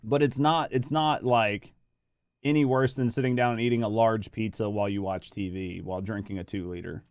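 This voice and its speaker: A man's voice: on the low side, steady tone, brisk, clear, resonant tone. A man doing rambling, casual reaction commentary, swearing freely and chatting with his viewers. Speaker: reaction streamer.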